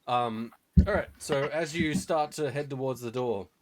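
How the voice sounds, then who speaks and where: A man's voice: medium pitch, moderate pace, a crowd in the background. A man narrating as game master in a casual, rambling way full of fillers.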